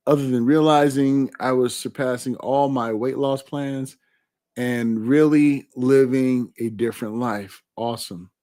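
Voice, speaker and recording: Big-voiced man hosting a live stream. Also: mid-range voice. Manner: warm, repetitive, emphatic affirmations. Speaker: livestream host reading viewer comments. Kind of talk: casual live stream chat.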